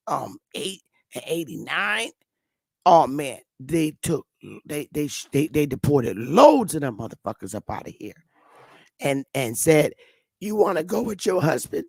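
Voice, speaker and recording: A woman's voice: extremely low pitch, big pitch swings, measured pace, creaky, darkish tone, breathy edge, no echo. A woman in her fifties from Connecticut, telling stories in a blunt, profane, emphatic rant to her viewers. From Connecticut, USA. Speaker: vlogger. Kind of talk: casual storytelling rant.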